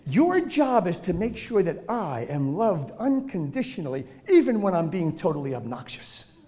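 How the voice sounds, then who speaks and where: Man doing a demanding newborn, bossy, slow mock-stern decrees, high lively voice. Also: in a large hall.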